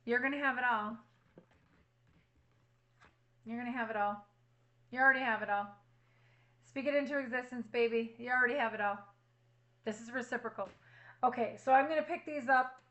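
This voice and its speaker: Woman doing a tarot reading, brightish higher voice, keeps repeating reassuring stuff. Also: low-quality recording. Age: adult with a child at home. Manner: earnest, reassuring, repeats affirmations. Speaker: tarot reader. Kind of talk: spiritual tarot reading to viewers.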